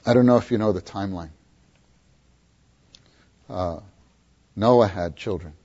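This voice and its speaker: A man preaching a sermon, often questioning his listeners and repeating words for emphasis, with a husky voice, on a dull lo-fi recording. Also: lowish voice, a little slow, long pauses, mellow. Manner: questions the audience, emphatic repetition.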